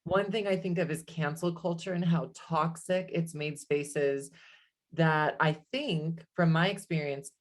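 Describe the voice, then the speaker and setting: A woman with a deep voice hosts a casual podcast chat. She speaks earnestly and thoughtfully, leaning on her important words. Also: unhurried. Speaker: podcast host. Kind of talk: casual conversation.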